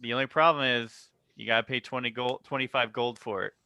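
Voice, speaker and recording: Smooth bright-voiced man at the game table. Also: medium pitch, steady tone, brisk. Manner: casual, describing his actions. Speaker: player. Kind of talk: tabletop role-play.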